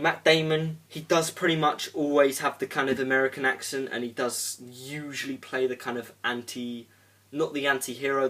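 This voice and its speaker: A man's voice: medium pitch, a bit bright. A young man giving a casual spoken film review, rambling with lots of fillers and the odd swear word. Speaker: movie reviewer. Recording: voice a bit distant from the mic.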